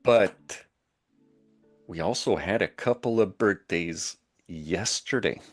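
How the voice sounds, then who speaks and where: A man's voice: deep voice, slow pace, faint music behind. A man from Montreal with a Quebec French accent, co-hosting a live stream in casual chat, laughing often and joking in French. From Montreal, Canada. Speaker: co-host of a live show.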